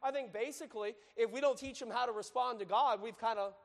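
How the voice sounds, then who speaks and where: A male pastor with a strikingly high voice preaches an earnest sermon. He reads scripture in a measured cadence and then explains it plainly. His words ring out in a church with a long, lingering reverb.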